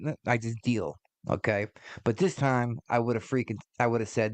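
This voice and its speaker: A man's voice: medium pitch, moderate pace, dry recording. A man in his forties hosting a podcast, ranting casually with lots of swearing and rambling asides. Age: 40s. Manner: profane, rambling, exasperated. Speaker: podcast host.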